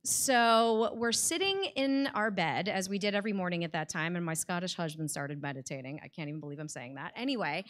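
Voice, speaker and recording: Earnest American woman telling a personal story. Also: fairly high pitch. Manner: conversational and heartfelt, with frequent "like" fillers. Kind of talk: live personal storytelling to an audience. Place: stage in a live event room with an audience.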